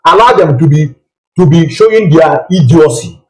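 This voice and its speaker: A man's voice: fairly high pitch, expressive, moderate pace, low-quality recording. A man hosting a live political call-in broadcast, talking emphatically with repeated rhetorical questions.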